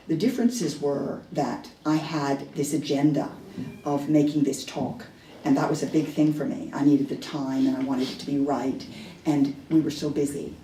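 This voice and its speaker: Low-voiced woman telling a story in an echoey room. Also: mellow, slight background noise. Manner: candid, self-deprecating, with hesitant restarts. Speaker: dharma talk speaker. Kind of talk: personal storytelling in a dharma talk. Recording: echoey room heard from a distance.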